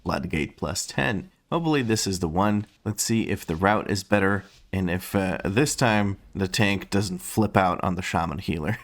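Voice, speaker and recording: A man's voice: low voice, moderate pace. A man giving casual, sarcastic live commentary while playing a game, swearing and grumbling about his group. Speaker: streamer playing a dungeon run.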